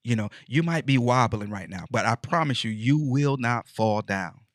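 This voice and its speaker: A man's voice: medium pitch, animated, moderate pace, no room sound, studio quality. A man hosting his own show, giving a folksy, preachy motivational talk with playful asides. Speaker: show host. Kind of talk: motivational monologue.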